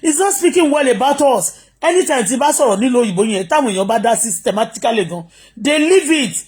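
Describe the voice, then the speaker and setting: A middle-aged Nigerian vlogger with a Yoruba accent speaks quickly into a phone on a live stream. The voice is somewhat husky, and the talk is an indignant rant that switches between English and Yoruba and keeps asking listeners whether they understand. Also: high-pitched, animated, a little mellow. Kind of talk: impassioned livestream rant.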